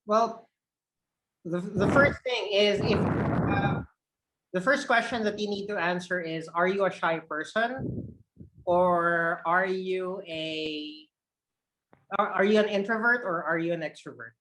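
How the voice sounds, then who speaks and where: A man's voice: high-pitched, slow, slight background noise, low-quality recording. A man coaching call center trainees on a video call, shifting his energy up and down to show tone of voice. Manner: expressive, shifts energy up and down to demonstrate tone. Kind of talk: online training session.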